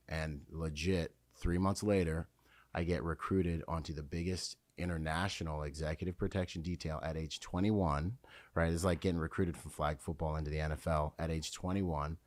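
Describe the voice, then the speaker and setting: A man with a deep, low-pitched voice talks as a guest on a podcast panel. He tells his story candidly and in an animated way, with frequent fillers and restarts. The recording is dry and close. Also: normal speed, dry recording. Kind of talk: conversational storytelling.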